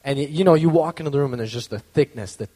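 A man's voice: medium pitch, rapid-fire, mellow, in a large hall. A man telling a personal story in a casual, conversational way, full of fillers and acted-out quotes. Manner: acts out quoted voices.

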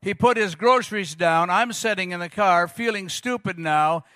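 A middle-aged male pastor preaching a sermon, telling stories with animated quoted voices. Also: sits high, normal speed, no echo. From Arizona.

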